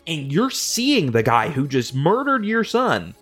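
A young man casually retelling myths as a comedy host, slangy and profane, popping into quick mimicry of the characters. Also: fairly high pitch, wildly swooping pitch, fairly bright tone, slightly rough, soft background music. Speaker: podcast host.

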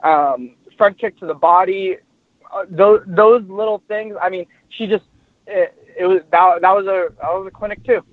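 A man's voice: sits high, no room sound. A man talking hesitantly in a casual podcast chat, over a remote line. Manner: halting, hesitant. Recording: tinny phone-like line.

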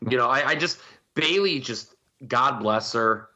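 A man's voice: mid-range voice, animated, unhurried, pushed and bright, dull audio. A man co-hosting a casual podcast, giving emphatic, rambling opinions. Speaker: podcast co-host. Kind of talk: casual wrestling podcast chat.

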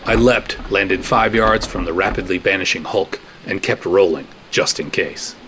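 Low-voiced guy reading a first-person adventure, dry and steady, hiss in the background. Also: moderate pace. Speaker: narrator. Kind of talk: first-person scripted narration of an audio drama. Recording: noisy recording.

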